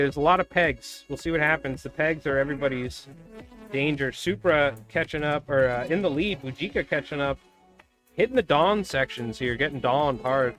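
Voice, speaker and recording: A man streaming live, chatting casually and calling a marble race with loud bursts of excitement. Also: fairly high pitch, moderate pace. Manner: rambling, laid-back, bursts into loud excited commentary. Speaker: streamer and fly tier. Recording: faint music under the voice. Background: background music.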